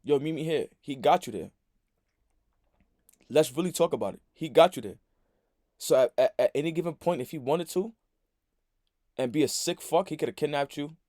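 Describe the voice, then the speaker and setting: A man's voice: mid-range voice, a little mellow, no room sound, studio quality. A man hosting a casual podcast chat, blunt and lecturing, in heavy slang. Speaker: host.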